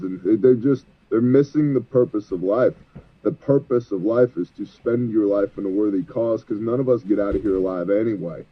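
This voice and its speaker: Man, exhausted guest, fervent, sermon-like, mid-pitched, tinny phone-line sound. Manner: fervent, sermon-like, scripture quoting. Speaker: guest, ministry leader. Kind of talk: preachy interview talk.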